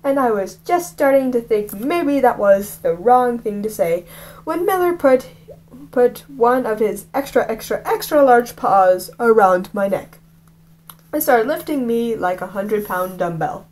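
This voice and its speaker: A woman's voice: fairly high pitch, lively intonation, a little slow, a little mellow. Chatty woman reading a book aloud. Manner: chatty, mocking asides. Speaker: reader of a book on video. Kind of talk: reading a novel aloud with asides.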